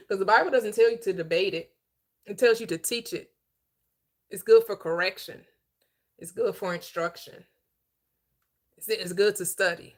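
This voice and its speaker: A woman hosting a livestreamed Bible teaching, preaching in an emphatic, conversational way, slowing down to stress key phrases and chatting with viewers in between. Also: medium pitch, expressive. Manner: chatty asides to viewers, quick laughs.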